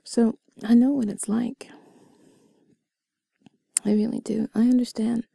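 Whispering woman in a gravelly, breathy whispered role-play. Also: on the high side, level tone, measured pace, warm tone, dry recording, clean studio sound. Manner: intimate, giggly and self-deprecating, mostly whispered. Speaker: audio role-play creator.

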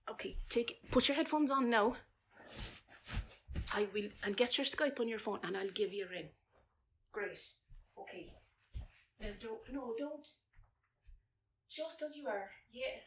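An Irish woman doing a whispered role-play, soft and breathy, awkward and self-mocking as she keeps stopping to chat. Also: medium pitch, slow, pauses often.

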